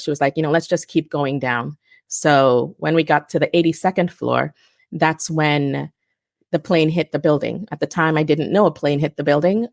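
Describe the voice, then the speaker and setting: A woman in her forties, a guest telling a personal story in a halting way with restarts and self-corrections. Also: sits low, gravelly, no room sound, studio quality. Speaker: guest survivor.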